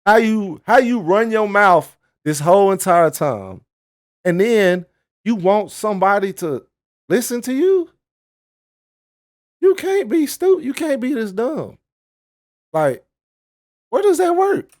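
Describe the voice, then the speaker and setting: A man's voice: sits high, sing-song, slow, long pauses, no echo, studio quality. A man hosting a reaction video, heckling a clip in profane, slangy casual commentary. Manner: profane, heckling, mock-lecturing; dialect-heavy casual slang.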